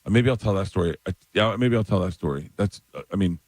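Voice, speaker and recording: Comedian in his 50s, low voice, lively storyteller, dry studio sound. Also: fast talker, dry recording. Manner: animated storyteller, acts out quoted voices in a higher pitch. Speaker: stand-up comedian guest. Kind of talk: storytelling on a radio show.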